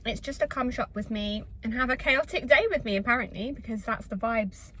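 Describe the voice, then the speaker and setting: A woman from England, chatting and rambling to camera in a casual vlog from her car, self-deprecating and lively. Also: on the high side, brisk, rough recording. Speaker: vlogger. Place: in her car in a retail park.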